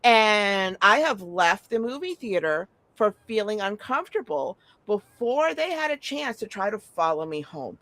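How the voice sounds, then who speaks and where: A woman's voice: medium pitch, big pitch swings, measured pace, few pauses, a bit bright, dry recording. A middle-aged woman talking in a casual chat, telling stories bluntly and animatedly, with frequent swearing.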